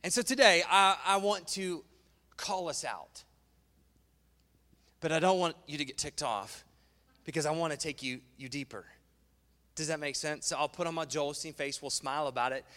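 A man preaching a sermon as pastor in a church, animated and playful, cracking jokes and asides. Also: fairly high pitch. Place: church sanctuary. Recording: long reverb in a large hall.

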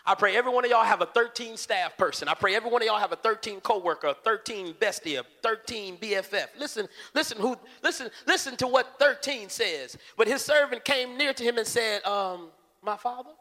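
A man preaching a fervent, animated sermon, repeating phrases for emphasis. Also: sits high, a little fast, hardly any pauses. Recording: long church reverb.

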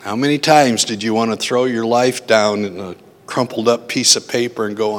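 A man's voice: medium pitch, steady tone, normal speed. A man preaching a sermon in a conversational way, often asking his listeners questions. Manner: conversational, asks the audience questions. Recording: long hall reverb.

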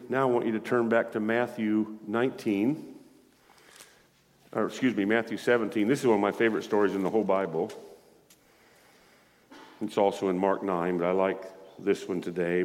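A man preaching a sermon in a lively way, calling out to his congregation as he reads and explains scripture. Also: fairly low pitch, moderate pace, pauses often. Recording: echoey hall with long reverb.

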